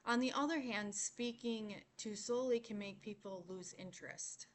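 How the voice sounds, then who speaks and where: A young woman giving a class presentation, explaining points in a measured way and slowing on key words. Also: mid-range voice. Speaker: student presenter.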